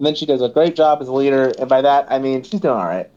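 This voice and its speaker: A man's voice: mid-range voice, quick pace, warm tone, highs cut off. A man co-hosting a casual chat, rambling and sarcastic as he pokes fun at the story. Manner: sarcastic, rambling, acts out characters' lines. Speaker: podcast co-host.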